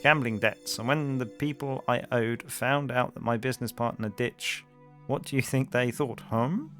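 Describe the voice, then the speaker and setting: A man's voice: mid-range voice, normal speed, fairly bright tone, soft background music, close to an everyday voice. A man reading as a smug treacherous crime boss. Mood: sneering. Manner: mocking, calls everyone dog.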